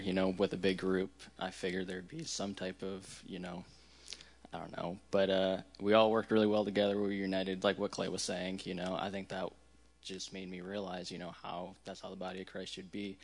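A man with a very deep, gravelly voice reflects on a mission trip in a church testimony. He speaks flatly, with little rise and fall, pausing as he gathers his thoughts.

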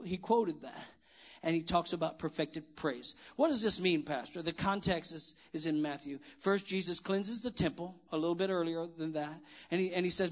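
A man preaching a sermon in church as pastor, asking the congregation questions and swinging from quiet talk to shouting. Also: high voice.

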